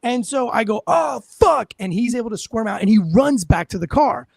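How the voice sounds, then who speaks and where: A man with a high voice tells a story as a former police officer, animated and swearing freely while he acts out each exchange. He sounds close and dry, with no room sound. It is casual talk-show chat. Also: fairly quick, gravelly, no room sound. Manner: animated, profane, acts out what people said.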